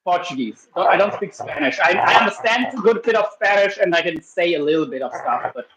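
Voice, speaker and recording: High-voiced and animated, a man talks a little fast with a fairly bright tone while livestreaming from his home kitchen, cooking with his dog around. He rambles and restarts sentences, and the sound is lo-fi.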